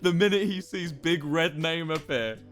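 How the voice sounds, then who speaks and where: A young man streaming, telling a story to his chat in a casual, animated way, swearing freely and acting out what people said. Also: fairly high pitch, normal speed. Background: faint music.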